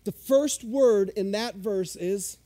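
High-voiced, mellow, chatty male pastor. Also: takes it slowly. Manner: conversational, self-deprecating, explains Greek words with excitement. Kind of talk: sermon.

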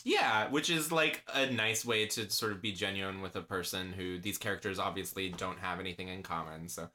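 A man's voice: sits low, moderate pace, sharp tone. A young man co-hosting a casual podcast, laughing often and chiming in with enthusiastic agreement. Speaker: podcast co-host. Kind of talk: casual recap chat.

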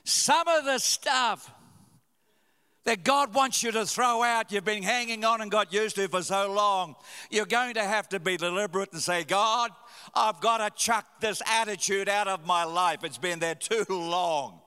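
Aussie pastor guy preaching, kinda high voice, lively storytelling, big echoey church hall. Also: unhurried, clean tone. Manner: animated storytelling with sudden loud rises. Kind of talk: sermon. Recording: long hall reverb.

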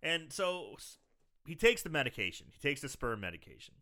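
A man co-hosting a podcast, casually retelling a film's scenes with animated storytelling. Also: on the high side, fairly quick. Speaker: podcast co-host. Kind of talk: casual movie recap chat.

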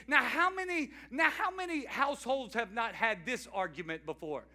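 A male pastor preaches with lively humor and strong emphasis. His voice is very high and sharply bright, and it carries with a piercing edge. He draws the congregation in with rhetorical questions. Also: moderate pace, few pauses. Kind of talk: sermon.

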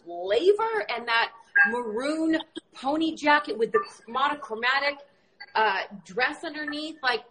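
A woman's voice: high-pitched, lively intonation, a little slow, noisy background. A woman hosting a casual interview, effusive and enthusiastic in her reactions. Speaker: interview host.

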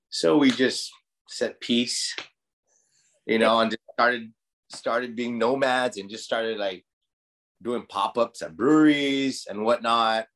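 A man's voice: medium pitch, takes it slowly, a bit bright. A man from Guam who runs a restaurant, telling his story in a loose, casual interview and swearing freely. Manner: loose, profane, heavy use of "like" and "you know". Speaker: restaurant owner and chef.

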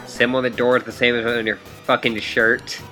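A man's voice: medium pitch, flat delivery, a little fast, sharp tone, faint music behind, natural voice. A man voicing a brash teenage troll girl who talks in slang and fish puns while reading game dialogue. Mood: cocky. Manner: cocky, slangy, pun-heavy.

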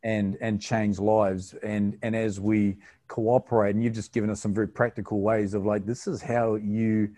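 Low flat dark voice, guy hosting a faith chat, lots of uhs, dry sound. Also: dry recording. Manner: measured, halting, with many fillers. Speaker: host, interviewer. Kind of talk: reflective interview talk.

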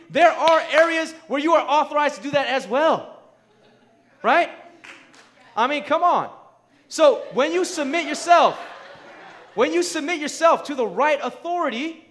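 A man with a high voice preaches a sermon. He talks conversationally, often checking in with his listeners, and drives his points home with rising, emphatic force. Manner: emphatic, rising to near shouts; conversational, asks the crowd "right?".

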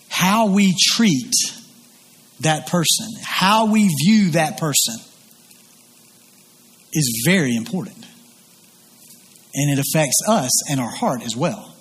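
A male pastor preaches in a high, slightly husky voice, earnest and emphatic as he circles back over his phrases. His words ring out with the long reverb of a large church hall. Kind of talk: sermon.

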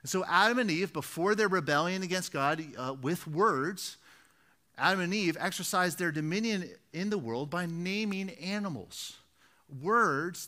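A man's voice: high-pitched, bright, forceful tone. A man preaching a sermon, earnest and repetitive, driving points home with rhetorical questions. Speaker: pastor.

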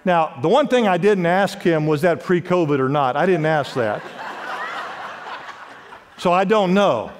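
Male pastor, high voice, emphatic sermon delivery, long church reverb. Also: expressive, a little slow, pauses often, noisy background. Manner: emphatic preaching with wide swings in pitch and volume. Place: large church sanctuary.

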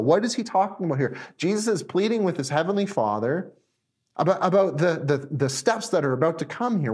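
A man preaching a sermon, animated, shifting between emphatic lines and hushed ones. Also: high-pitched, slightly rough. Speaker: pastor. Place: recorded for viewers at home.

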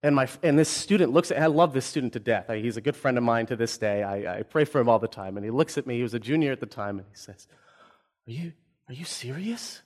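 A man's voice: medium pitch, fast talker, hardly any pauses, a little mellow. A man in his twenties, a pastor, giving a sermon with personal stories told with humor. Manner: storytelling, self-deprecating humor.

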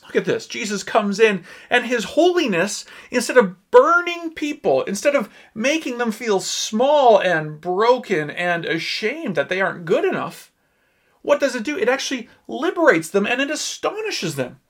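A male pastor delivering a sermon in an earnest, emphatic way, pausing on key words. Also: very high-pitched, big pitch swings, a bit bright.

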